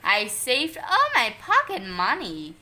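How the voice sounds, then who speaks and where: A woman's voice: fairly high pitch, huge pitch swings, slow pace, background noise, exaggerated voice. A woman reading aloud and voicing a prim goody-goody little boy who shrieks and tattles. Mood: smug.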